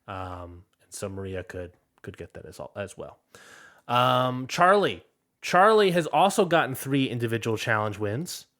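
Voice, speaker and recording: A man's voice: lowish voice, a bit bright. A man co-hosting a podcast in casual chat, analytical and quoting stats he has looked up. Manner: analytical, quotes stats he looks up. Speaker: podcast co-host.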